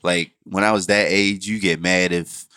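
A man's voice: low voice, steady tone, moderate pace, sharp tone, no room sound, clean studio sound. A man, chatting casually as a podcast co-host, laid-back and slangy. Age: 20s. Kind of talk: casual chat.

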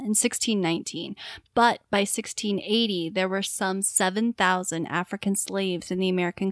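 A woman co-hosts a casual history talk, reading passages and teasing her partner. Her voice sits at a middling pitch for a woman, and the sound is dry and close to the mic. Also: no room sound. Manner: playful, teasing, laughs often. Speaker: co-host. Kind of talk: casual podcast chat, reading history aloud.

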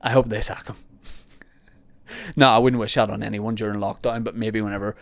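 A man's voice: lowish voice, steady tone, fairly quick, gravelly, a bit bright, no room sound. Chatty Northern Irish man, dry podcast sound. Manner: chatty, sarcastic, rambling with self-mocking asides. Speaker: podcast host. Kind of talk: casual podcast chat answering listener questions.

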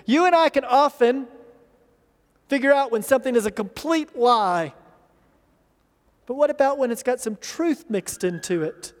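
A man's voice: very high-pitched, animated, a little slow, long pauses. A man preaching a sermon as pastor, earnest, acting out the voices he quotes and doubling words when he presses a point. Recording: long reverb of a large hall.

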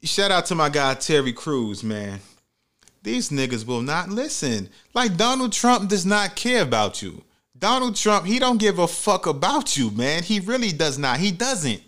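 Animated, profane male ranting host. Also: on the high side, unhurried. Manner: animated, heavy profanity, mock outrage. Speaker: commentary host. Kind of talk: profane comedic rant.

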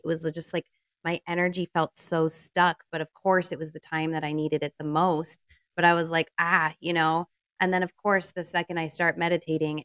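A woman hosting a podcast, chatting in a relaxed and agreeable way and saying "like" often. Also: deep voice, smooth, no room sound, clean studio sound. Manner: relaxed, agreeable, says "like" a lot. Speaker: podcast host. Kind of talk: casual podcast conversation.

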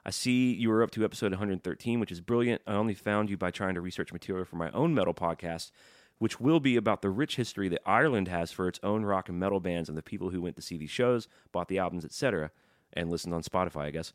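A man's voice: deep voice, dry recording, clean studio sound. A man co-hosting a podcast, joking around and reading listener emails in casual chat. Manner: jokey, fast, banter-heavy. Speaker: podcast co-host.

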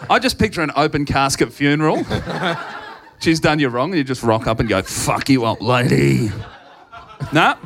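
A man's voice: a little high, expressive, normal speed, fairly bright tone. A man with an Australian accent trading wry jokes at a live podcast show. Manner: wry, teasing. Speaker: podcast co-host. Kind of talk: live comedy podcast banter. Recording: noisy live room.

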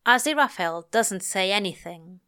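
A woman reading fiction aloud in a measured, lyrical way. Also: medium pitch, expressive, pushed and bright. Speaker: reader. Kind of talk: audiobook-style fiction reading.

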